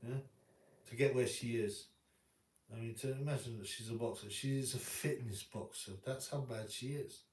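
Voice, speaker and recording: A man's voice: mid-range voice, darkish tone, recorded from a distance. Blunt male streamer, rambling rant, roomy room, sits back from the mic. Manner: blunt, rambling, repeats himself. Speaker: boxing livestream host. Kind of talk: casual live-stream rant.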